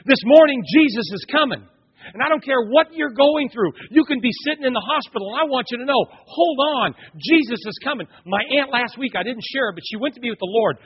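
Male pastor with a high, husky voice, preaching with big swings between hushed and shouted; dull, echoing church sound. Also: a little fast. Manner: animated, swings from quiet storytelling to loud exhortation. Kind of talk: sermon. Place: church sanctuary. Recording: dull sound, long hall reverb.

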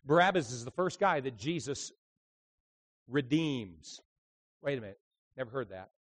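A man, a traveling evangelist, preaching a sermon full of lively stories, dropping to quiet asides and then rising into loud, emphatic bursts. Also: medium pitch, moderate pace. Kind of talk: sermon with storytelling.

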